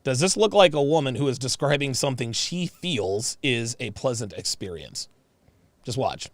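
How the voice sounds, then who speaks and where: A man's voice: medium pitch, moderate pace, dry recording. A man in his forties hosting, giving profane, mocking reaction commentary on video clips and repeating his points. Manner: mocking, animated, repeats himself.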